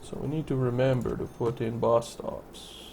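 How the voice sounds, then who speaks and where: A man's voice: medium pitch, fairly even intonation, normal speed, vocal fry, mellow, slight background noise. A man casually commenting on his city-building game, thinking aloud and correcting himself as he goes. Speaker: let's play commentator.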